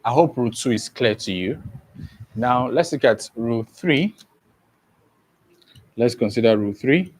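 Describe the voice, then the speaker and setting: A man's voice: mid-range voice, expressive, unhurried, long pauses. A man giving an exam-prep lesson who keeps asking the class questions and repeating key points. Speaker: teacher.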